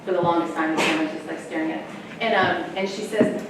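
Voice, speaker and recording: Animated woman speaking in an echoey room. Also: fairly low pitch, fast talker, background noise. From United States. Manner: chatty, animated, laughs often. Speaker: sex educator. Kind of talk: talk to an audience of parents. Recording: echoey room, mic far off, faint ambience.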